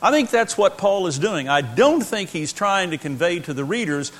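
Man, high voice, earnest Bible teacher, emphatic and repetitive. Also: very animated, normal speed, a bit bright. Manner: earnest, emphatic, repeats key phrases. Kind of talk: Bible lesson.

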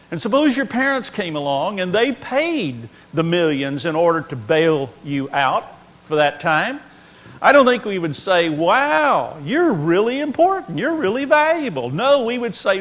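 Man, high voice, earnest Bible teacher, emphatic and repetitive. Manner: earnest, emphatic, repeats key phrases. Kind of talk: Bible lesson.

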